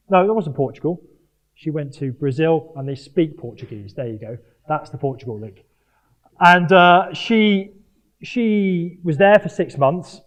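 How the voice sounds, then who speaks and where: Higher-voiced man preaching, from Jersey. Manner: earnest, animated preaching with self-mocking humour. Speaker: speaker at a Christian sports event. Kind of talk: sermon. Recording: dull lo-fi live talk recording.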